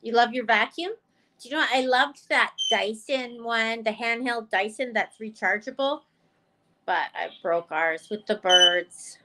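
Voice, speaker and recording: A woman's voice: a little high, unhurried, heavy background noise. A woman hosting a casual livestream chat, talking with viewers and cooing at her pet birds in a sing-song voice. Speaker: bird channel host.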